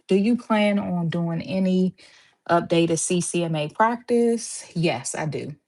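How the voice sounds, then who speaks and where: A woman's voice: lowish voice, slow, darkish tone. A woman from Washington, D.C. hosting a casual live stream, greeting viewers by name and a little out of breath after running downstairs. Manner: chatty, greets viewers by name, says y'all. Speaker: host of a live stream for medical assistants. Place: home.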